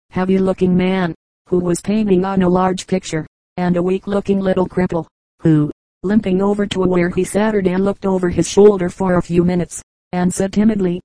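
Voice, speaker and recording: Mellow woman reading an audiobook. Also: mid-range voice, no echo, low-quality recording. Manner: steady, even reading of short jokes with dialogue. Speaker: audiobook reader. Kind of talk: audiobook narration.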